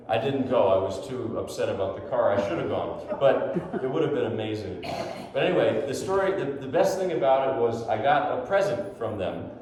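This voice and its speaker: A man from New Jersey, a classical pianist, telling a personal story in an animated way, often laughing as he speaks. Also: medium pitch, a little fast. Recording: echoey hall, long reverb, faint noise.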